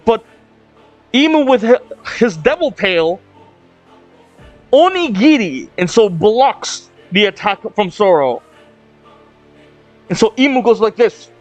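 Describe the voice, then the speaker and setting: A man hosting a manga reaction video, reading panels aloud with sudden excited outbursts. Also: high-pitched, a little slow, long pauses, lo-fi sound. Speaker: reaction channel host. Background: faint drum music.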